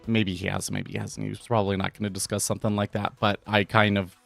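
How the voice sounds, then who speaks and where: A man's voice: lowish voice, level tone, fast, gravelly, a bit bright, faint music behind. A man talking casually on a live trading stream, thinking aloud with frequent restarts and tangents.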